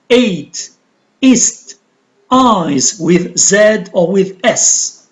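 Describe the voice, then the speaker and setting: Algerian-accented English teacher, unhurried, very animated pitch, methodical, quizzes the class and answers. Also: poor audio. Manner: deliberate, explains step by step, asks and answers own questions. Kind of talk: recorded classroom lesson.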